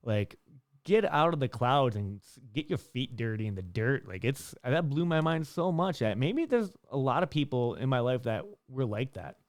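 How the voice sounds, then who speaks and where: A man's voice: moderate pace, dry recording, clean studio sound. A young man talking casually to camera, rambling with restarts and fillers and lifting his voice to act out stories. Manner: lively storyteller, pitch jumping up when acting out dialogue. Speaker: vlogger giving life advice. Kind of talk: casual monologue.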